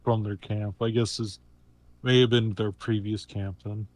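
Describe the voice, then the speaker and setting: A man's voice: on the low side, level tone, measured pace, darkish tone, dry recording. A man playing a tabletop game with friends, talking hesitantly with frequent restarts. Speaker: player. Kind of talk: casual tabletop game chat.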